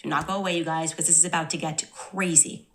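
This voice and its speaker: Woman commentator, sardonic, emphatic, lower voice, podcast monologue. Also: fairly even intonation, fast talker, a bit bright, a little hiss or hum. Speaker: political commentator.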